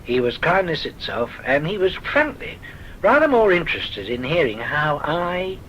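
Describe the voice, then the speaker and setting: A man's voice: a little high, very animated, normal speed, a bit bright, slight background noise, low-quality recording. Older southern English man reminiscing wryly. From south of England. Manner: genteel, wry storytelling. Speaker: oral history narrator. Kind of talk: recorded reminiscence.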